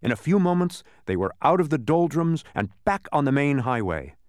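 A man narrating a children's storybook with expressive storytelling. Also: a little high, normal speed, clean tone, dry recording, clean studio sound. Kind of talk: audiobook narration.

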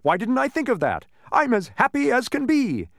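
A man's voice: medium pitch, big pitch swings, a little fast, dry recording, voice pushed up. Man doing a confused storybook man, exaggerated, swinging voice, dry close sound. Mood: exuberant. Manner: exaggerated, swinging between extremes. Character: confused shape-shifting grown man.

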